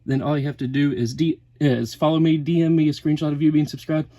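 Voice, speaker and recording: Guy vlogging fast about brackets, kinda out of breath, mellow voice, dry sound. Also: a little high, level tone, no echo. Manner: rattles off lists quickly, corrects himself mid-sentence. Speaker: sports YouTuber. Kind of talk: casual bracket breakdown vlog.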